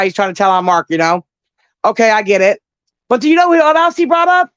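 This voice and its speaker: A middle-aged woman caller telling stories in casual chat, animated and full of swearing. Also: medium pitch, fairly quick, smooth, no echo, muffled recording. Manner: profane, animated storytelling.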